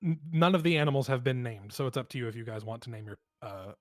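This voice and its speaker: A man's voice: medium pitch, fast talker. Easygoing man running a tabletop game. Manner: relaxed, rambling with many fillers. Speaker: game master.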